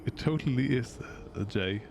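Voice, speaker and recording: A man's voice: medium pitch, lively intonation, moderate pace, creaky, darkish tone, faint music behind. A man streaming a video game, rambling casually and chatting with his viewers as he plays. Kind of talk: casual live-stream commentary while gaming.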